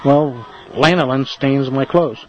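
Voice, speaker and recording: A man plays an eccentric, sarcastic man who chuckles through his replies in a comedy radio play. Goats and sheep bleat clearly behind him, and the recording is somewhat muffled. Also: mid-range voice, slow pace, background noise, close to an everyday voice. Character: eccentric sarcastic male man in an animal pen.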